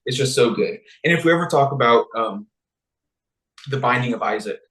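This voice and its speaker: A man's voice: medium pitch, animated, normal speed, a bit bright, echoey room, low-quality recording. A man co-hosting a podcast, talking in a rambling, casual way full of fillers. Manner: rambling, heavy use of fillers like "you know" and "like". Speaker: podcast co-host. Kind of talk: casual discussion.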